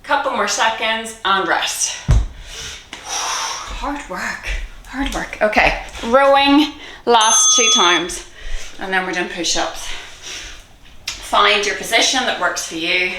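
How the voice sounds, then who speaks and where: A woman coaching a live online kettlebell workout, encouraging and out of breath, cueing reps with quick laughs. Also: medium pitch, recorded from a distance, background noise. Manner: encouraging, breathy between cues, laughs often. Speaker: kettlebell fitness instructor. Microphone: video call. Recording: echoey room, voice a bit off-mic.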